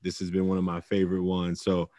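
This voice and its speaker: A man hosting a podcast, talking in a reflective, casual way and letting his sentences trail off softly. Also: deep voice, completely flat delivery, fast. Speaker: podcast host. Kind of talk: casual interview chat.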